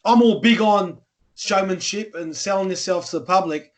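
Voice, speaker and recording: A man's voice: high-pitched, normal speed. A man hosting a podcast, talking casually with crude, teasing banter. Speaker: podcast host. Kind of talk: casual chat.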